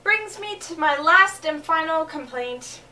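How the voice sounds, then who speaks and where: A young woman telling comic travel stories in a vlog, acting out scenes, a little jet-lagged and low on energy. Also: measured pace, recorded from a distance. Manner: animated, acting out scenes with quoted voices. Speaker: vlogger. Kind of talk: comedic storytelling vlog.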